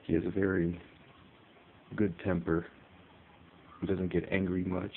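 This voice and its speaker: Deep-voiced man on a tinny phone. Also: measured pace, vocal fry, a little hiss or hum. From Connecticut, US. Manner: rambling, relaxed, many fillers. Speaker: pet owner. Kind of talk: casual phone vlog. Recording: tinny phone audio with faint ambience.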